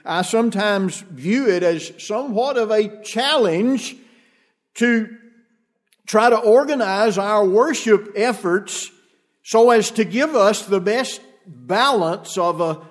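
Man, minister, sermon in a church, high voice, unhurried delivery, rhetorical questions. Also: expressive. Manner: measured, deliberate preaching with rhetorical questions.

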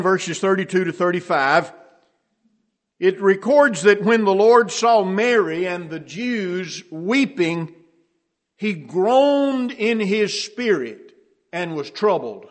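A man preaching a sermon in a slow, measured way, lifting his voice to stress key phrases. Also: on the high side.

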